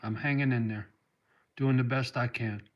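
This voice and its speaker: A man's voice: medium pitch, steady tone, moderate pace, highs cut off. A middle-aged man hosting a casual livestream, reading viewer comments aloud and answering them with heartfelt talk that gets choked up about dogs. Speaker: livestream host.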